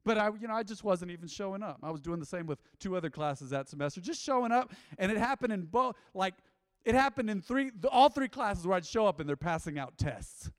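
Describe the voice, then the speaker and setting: A man preaching a sermon in a church, animated and emphatic, acting out quotes. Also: high-pitched, a little fast, dry recording, studio quality, big-room sound. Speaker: pastor.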